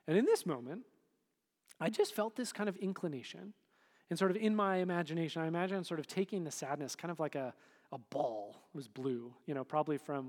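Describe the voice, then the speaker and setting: A man preaching a sermon to a congregation in a relaxed, conversational way, full of fillers. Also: a little high. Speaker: pastor. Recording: hall reverb.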